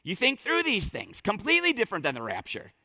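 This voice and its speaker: Emphatic high-voiced male preacher. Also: huge pitch swings, quick pace, bright, forceful tone, no room sound, in a large hall. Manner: emphatic, repeats words when starting phrases. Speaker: pastor. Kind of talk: sermon.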